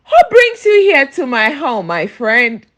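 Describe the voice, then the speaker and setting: A woman voicing a sly, excitable male spider trickster in a storybook reading, calling out in a high, eager voice. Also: slow pace, full character voice. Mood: friendly.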